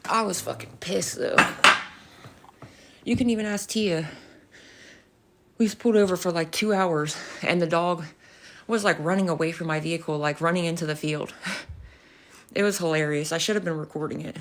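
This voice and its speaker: A young woman on a casual livestream with a slightly low voice. She tells her story with animated energy, curses freely and laughs often, sounding a little out of breath. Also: normal speed, pauses often. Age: young adult.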